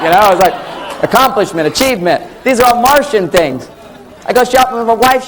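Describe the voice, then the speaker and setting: A man's voice: high-pitched, fairly quick, some chatter behind, rough recording. A middle-aged man giving a jokey relationship lecture to an audience, telling stories and acting out bits of dialogue. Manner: jokey, animated storytelling with acted-out dialogue. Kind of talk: comic lecture to a live audience. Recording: old VHS tape with faint background noise.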